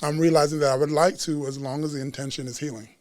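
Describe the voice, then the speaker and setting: A man who works as a chef and Reiki practitioner, chatting as a guest at a live podcast taping in a bookstore and telling stories in an animated, slangy way. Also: fairly high pitch, quick pace, no room sound. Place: bookstore event space.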